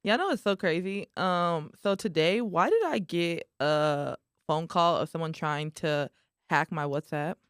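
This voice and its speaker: A woman hosting a podcast in casual chat, relaxed and chatty. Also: lowish voice, measured pace, smooth, dry recording, studio quality. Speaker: podcast host.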